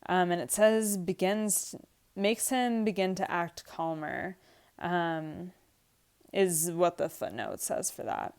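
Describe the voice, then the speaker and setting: A woman's voice: fairly low pitch, takes it slowly, gravelly, a little mellow, clear, resonant tone. A woman English teacher reading a play aloud to her class and explaining the lines in plain, casual words.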